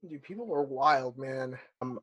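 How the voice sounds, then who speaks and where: A man's voice: mid-range voice, a little slow, a bit bright, dry recording. A man hosting a casual podcast chat, laid-back, calling his guest dude. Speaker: podcast host.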